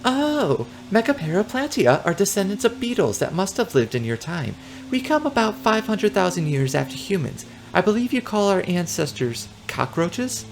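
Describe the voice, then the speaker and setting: A man's voice: sits high, sing-song, normal speed, gravelly, a little hiss or hum, pitched above the performer's own voice, heavily acted. A man voicing a dreamy female giant cockroach from the far future who muses about philosophy. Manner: airy, musing.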